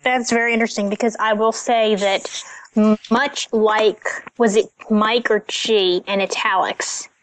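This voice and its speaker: A woman's voice: medium pitch, fairly even intonation, measured pace, slight background noise, poor audio. A woman co-hosting a casual book podcast. She talks in a chatty way, asks questions and restarts her sentences. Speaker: podcast co-host.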